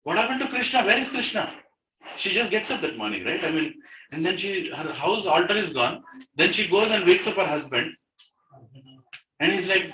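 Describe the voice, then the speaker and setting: A man with an Indian English accent leading a devotional class in a home, telling stories and reading verses in a chatty, animated way. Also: high voice, normal speed, pauses often. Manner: animated storyteller, conversational. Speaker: speaker leading a scripture class. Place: room in a private home, group gathering. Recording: echoey room, distant mic, crowd.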